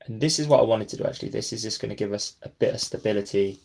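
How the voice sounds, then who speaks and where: A man's voice: on the low side, racing, creaky, few pauses, a little mellow. A man giving casual running commentary as he builds, talking to himself and at times dropping to a near whisper. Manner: self-deprecating, talks to himself while building; drops to a near whisper while concentrating. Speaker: brick-building vlogger.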